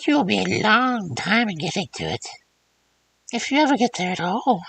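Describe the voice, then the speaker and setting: A woman voicing an old crone in a fairy tale, with a high, cracked voice. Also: very animated, normal speed, vocal fry, husky, heavily acted, poor audio. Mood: cryptic.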